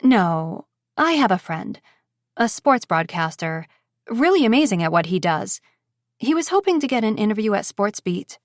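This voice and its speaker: A woman's voice: medium pitch, big pitch swings, normal speed, no room sound, clean studio sound, close to an everyday voice. A woman voicing a determined young heroine keeping a strained polite tone on a call, in an audiobook. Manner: forced politeness.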